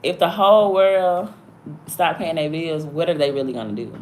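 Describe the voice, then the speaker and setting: A woman from Alabama with a Southern accent talks through a casual livestream. Her voice sits fairly low, and she chats in a blunt, slangy way that wanders from one story to the next. A faint hum of room noise runs underneath. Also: normal speed, a little mellow. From Alabama, USA. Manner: blunt, slangy and chatty, drifting between stories. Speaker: livestream host.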